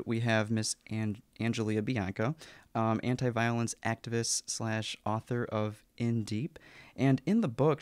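A man's voice: medium pitch, no room sound. A man hosting a podcast, introducing his guest in an eager, upbeat way. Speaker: podcast host. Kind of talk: casual podcast interview.

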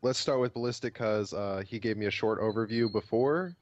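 A man's voice: on the low side, fairly quick, highs cut off. Laid-back young man on a call. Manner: laid-back, stumbling over words, swears casually. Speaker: podcast host. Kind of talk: casual chat over a voice call. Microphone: computer mic on a voice call.

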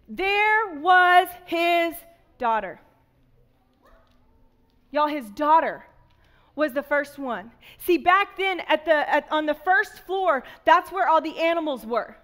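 Woman, children's pastor, high voice, animated kids' sermon. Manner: animated storytelling, addresses kids as "y'all".

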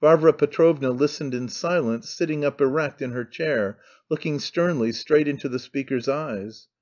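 A male audiobook narrator reads in a measured, even storytelling way. His voice sits a little high, and the recording sounds dull and lo-fi. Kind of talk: scripted narration.

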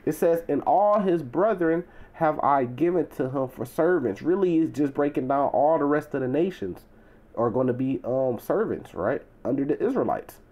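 A man's voice: on the high side, expressive, moderate pace, warm tone. Man giving an emphatic, chatty bible teaching. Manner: conversational, leans on "you know" and "right?"; swells to emphatic, preacherly stresses.

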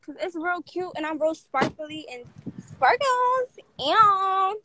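A woman's voice: very high-pitched, lively intonation, takes it slowly, very noisy. A woman vlogger chatting casually on a phone livestream outdoors, playful and teasing, trash-talking with slang. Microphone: handheld phone.

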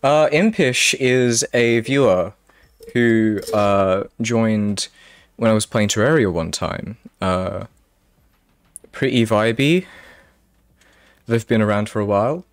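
Guy streaming games, slow lowish voice, rambly and apologetic, dry close mic. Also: smooth, dry recording. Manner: rambling, apologetic, chatty with viewers. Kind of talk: casual live-stream chat.

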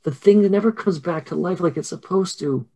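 Young twin girls whining through tears, their voices pitched high and dropping quiet, as a man puts them on. The complaint comes out soft and plaintive in a tabletop horror game. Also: normal speed. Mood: tearful. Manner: whiny, tearful.

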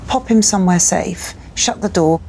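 Gravelly low-voiced woman therapist. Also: moderate pace, slight background noise. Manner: gentle, probing questions. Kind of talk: therapy session.

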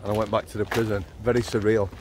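On a night walk outdoors, a middle-aged Yorkshire man who used to be a prison officer tells blunt, matter-of-fact stories and swears freely. His fairly low voice moves fast with a flat delivery, and there's background noise.

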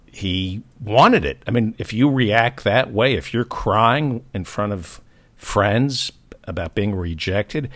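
Male podcast host, lowish voice, wry and conversational. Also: a bit bright. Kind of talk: casual interview chat.

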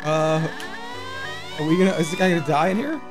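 A man's voice: on the high side, expressive, a little fast, music in the background. Exasperated swearing male streamer. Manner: exasperated, swearing, bursts of laughter. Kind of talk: casual game commentary.

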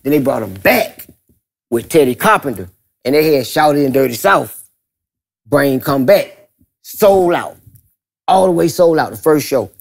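A man, a guest comedian, tells a story in loose, casual talk. His pitch swings widely as he acts out the people in it, and he laughs often between lines. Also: animated, unhurried, creaky, pauses often.

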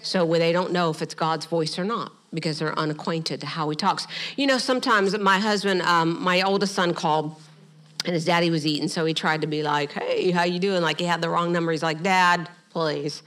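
Bright, forceful middle-aged woman preaching. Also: fairly low pitch, a little fast. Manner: animated preaching with humorous asides; acts out quoted voices in passing. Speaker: pastor. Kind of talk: sermon.

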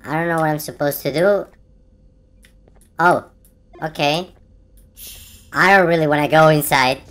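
This gaming-channel host speaks in a low, somewhat bright voice at normal speed, leaving long pauses. She's doing horror let's play commentary from her own room, gasping and crying out in fright.

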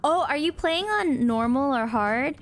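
A woman's voice: high voice, expressive, a little slow, a little hiss or hum. A woman streamer talking casually over a game, reacting to it and chatting with viewers as she plays. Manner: chatty, reacts to the game and reads chat aloud. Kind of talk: live gameplay commentary.

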